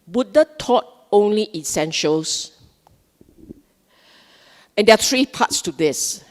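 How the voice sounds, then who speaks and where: Slow, emphatic woman speaker in a hall. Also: medium pitch, animated. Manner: emphatic, questioning, repeats words for stress. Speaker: Buddhist dharma speaker. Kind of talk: live Dhamma talk. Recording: long hall reverb.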